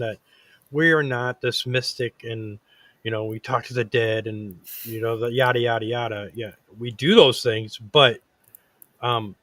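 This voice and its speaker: A man hosting a casual talk show, speaking earnestly in a rambling way, full of fillers and false starts. His voice sits at a middling pitch and is recorded close and dry, with no room sound. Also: fairly bright tone, no echo. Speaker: podcast host. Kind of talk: casual chat.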